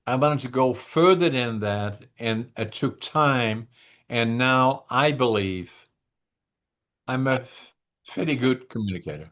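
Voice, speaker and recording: Older Dutch-accented man, deliberate. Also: mid-range voice, a bit bright. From northeastern Netherlands. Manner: deliberate, halting, with restarts and slowdowns. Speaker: guest. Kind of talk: interview conversation.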